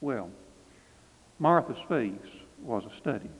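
Folksy pastor telling a story. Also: male voice, mid-range voice, expressive, slow, husky. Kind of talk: storytelling narration. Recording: phone-like reverberant recording.

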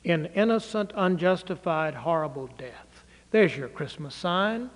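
Male pastor, sermon delivery, high-pitched, unhurried, dramatic loud-soft swings, long hall reverb. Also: animated. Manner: dramatic, swings between loud declaiming and hushed low phrases.

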